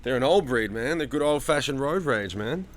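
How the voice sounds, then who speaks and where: A man's voice: mid-range voice, expressive, moderate pace, a little hiss or hum. Casual swearing man chatting with his stream. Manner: loose, swears freely, talks to chat by name. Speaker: streamer hosting a live chat. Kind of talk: casual livestream chat reading viewer comments. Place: home.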